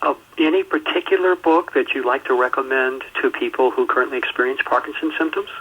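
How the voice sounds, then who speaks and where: A male radio host with a husky, slightly breathy voice asks his guest questions at a steady, measured pace. The sound is a bit muffled and dull, and he spells out details slowly for the audience. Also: mid-range voice. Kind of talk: radio interview. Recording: muffled radio show audio.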